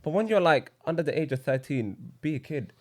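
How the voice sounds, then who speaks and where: Fast-talking young man. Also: on the high side. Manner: animated storyteller, laughs while telling. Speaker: podcast co-host. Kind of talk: casual chat.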